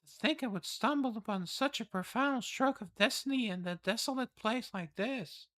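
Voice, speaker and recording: A woman's voice: fairly high pitch, normal speed, a bit bright, pitched above the performer's own voice, close to an everyday voice. A man voicing a commanding female palace lord who speaks in solemn, grand declarations.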